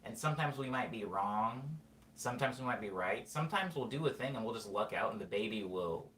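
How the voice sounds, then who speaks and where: Expressive and fairly quick, this male podcast host speaks in a lowish, fairly bright voice over a little hiss or hum. He rambles casually on his own, heavy on fillers, restarting and correcting himself, in an echoey room with faint ambience.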